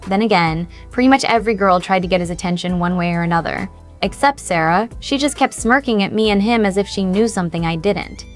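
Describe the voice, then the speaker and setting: A woman narrates a first-person story in a steady, even read. Her voice sits in a middle register, and faint music plays underneath. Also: mid-range voice, brisk.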